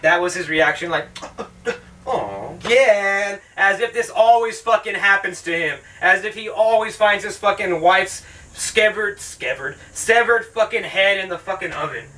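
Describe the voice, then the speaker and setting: A man's voice: high-pitched, moderate pace, sharp tone, recorded from a distance, low-quality recording. A man hosting his own channel, ranting through a sarcastic, profanity-heavy casual movie review. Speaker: film reviewer, channel host.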